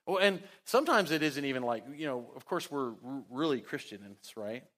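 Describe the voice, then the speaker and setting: A man preaching a sermon as pastor, talking conversationally with sarcasm, his pitch and loudness jumping as he acts out quotes. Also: expressive, normal speed. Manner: big swings in pitch and loudness.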